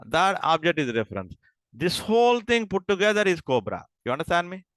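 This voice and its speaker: Man teaching a class, bright and crisp, dry recording, halting restarts. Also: high-pitched, very animated, no room sound. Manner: repeats and checks understanding, halting restarts. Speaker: lecturer. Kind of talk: classroom lecture.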